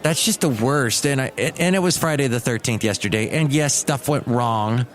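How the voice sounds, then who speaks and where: A man's voice: mid-range voice, normal speed. A man hosting his own daily podcast, talking casually in a chatty, digressive way. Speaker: podcast host and radio DJ. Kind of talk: casual solo podcast monologue.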